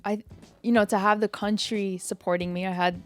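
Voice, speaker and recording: A woman's voice: mid-range voice, soft background music. A young woman from Canada, a guest DJ, chatting casually and candidly in an interview and laughing easily. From Canada (Toronto). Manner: relaxed, candid, quick to laugh.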